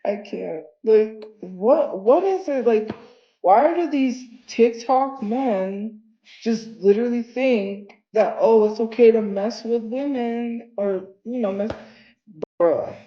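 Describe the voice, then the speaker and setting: Woman venting on a late-night live, slow mellow voice, roomy echo. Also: on the high side, lo-fi sound. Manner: venting, exasperated, lots of fillers. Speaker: livestreamer. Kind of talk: casual venting livestream chat.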